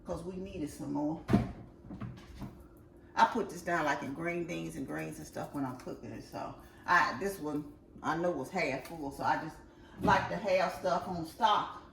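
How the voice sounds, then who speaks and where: A low-pitched, gravelly woman speaks unhurriedly, far from the mic, in an echoey room with noise in the background. It's a relaxed home vlog: she unpacks groceries and keeps chatting directly to the people watching.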